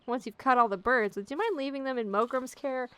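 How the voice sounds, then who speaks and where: A woman reading aloud the lines of a flustered male farmhand in a game, a little louder than her own talk. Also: sits high, brisk, clear, resonant tone, voice pushed up. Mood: eager. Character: flustered male farmhand chasing runaway birds.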